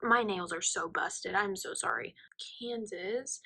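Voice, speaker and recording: A woman's voice: medium pitch, slow pace, gravelly, pushed and bright, slightly rough, rough recording. A young woman unboxing gifts in a casual talk, gushing and often dropping to a whisper. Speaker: friend opening gifts.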